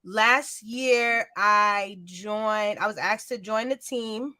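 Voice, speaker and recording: A woman's voice: mid-range voice, takes it slowly, bright, forceful tone, no room sound, studio quality. A woman guest in a casual interview, telling her story in a chatty, rambling way with lots of filler words. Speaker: podcast host and sneaker content creator, guest.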